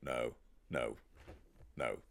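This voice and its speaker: A man, an actor talking in a blunt, animated, profane way in casual podcast chat. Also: very deep voice, drawn-out words, creaky.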